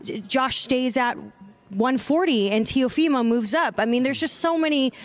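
A woman interviewing a guest in casual chat, animated and talkative, swearing casually. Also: high-pitched, normal speed, soft background music.

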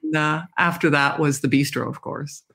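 In an interview, an older woman from Canada who is a guest author reflects openly on her life, sharing stories punctuated with laughter. Her voice sits low and a bit bright, with a steady tone and a moderate pace.

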